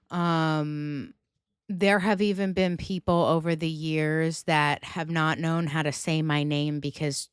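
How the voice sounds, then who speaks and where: A woman with a US Northeastern accent hosting a casual pop-culture podcast, talking in an animated, emphatic way and swearing freely. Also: sits low, smooth, no echo, clean studio sound. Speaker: podcast host.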